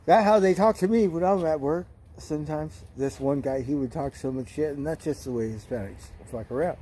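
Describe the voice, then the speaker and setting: A man's voice: mid-range voice, normal speed, warm tone, slight background noise. A man casually chatting with his stream viewers, telling rambling, profane stories. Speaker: livestream host.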